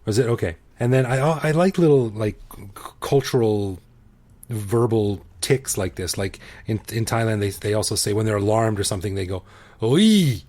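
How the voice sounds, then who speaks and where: A man's voice: lowish voice, normal speed, darkish tone. A man hosting a podcast, talking in an easygoing, playful way and laughing often. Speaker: podcast host. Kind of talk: casual conversational podcast chat.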